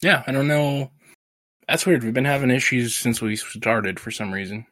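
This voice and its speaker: A man's voice: mid-range voice, moderate pace, dry recording, studio quality. A man co-hosting a podcast, stuffy from a sinus infection, telling stories with frequent laughter. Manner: laughing, animated storyteller. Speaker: podcast co-host. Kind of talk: casual chat.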